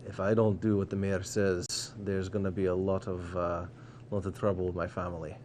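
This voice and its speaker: A man's voice: deep voice, little pitch movement, fairly quick, a little mellow, slight background noise, voice pushed down, natural voice. A man voicing a stocky, weary male dwarf guard in a tabletop game.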